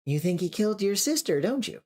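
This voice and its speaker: A reader voicing a calm, motherly older woman who speaks gently and coaxingly. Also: medium pitch, a little fast, pitched above the performer's own voice. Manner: gentle, coaxing, calls people darling.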